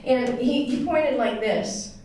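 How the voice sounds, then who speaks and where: Her voice high and warm, an American woman slowly shares a personal story with an audience. The room echoes, and the mic catches her from a distance along with some noise.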